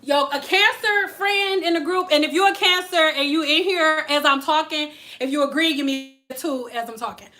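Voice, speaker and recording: A woman's voice: sits high, moderate pace, hardly any pauses, bright, forceful tone. A young adult woman vlogging in a casual, frank and profane way, acting out the people she talks about. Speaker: hair care vlogger. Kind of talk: casual chat to camera.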